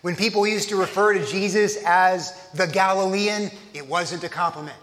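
A man's voice: sits high, steady tone, moderate pace, a bit bright, big-room sound. A man from Texas, preaching a conversational sermon as pastor, often restarting his phrases.

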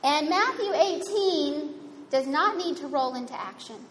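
A woman's voice: sits high, animated, unhurried, fairly bright tone. A woman giving a sermon in a conversational, wryly humorous way. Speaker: preacher. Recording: reverberant hall, faint room noise.

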